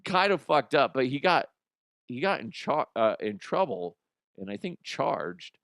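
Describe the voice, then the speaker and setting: A man's voice: medium pitch, big pitch swings, a little slow, fairly bright tone, no echo. A man hosting a comedic news podcast, ranting about odd stories with profane, laughing commentary into a close microphone. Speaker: podcast host.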